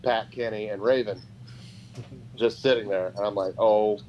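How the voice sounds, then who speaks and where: A man's voice: lowish voice, normal speed. Man telling a story on a lo-fi podcast. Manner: animated, acts out quoted voices. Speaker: podcast guest, pro wrestler. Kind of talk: casual storytelling. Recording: dull lo-fi podcast audio with faint noise.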